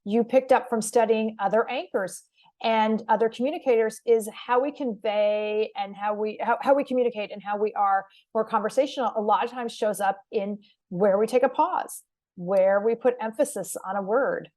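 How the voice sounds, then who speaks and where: A woman podcast host and communication coach, talking through ideas in a measured conversational way. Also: a little high, mellow. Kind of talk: conversational interview.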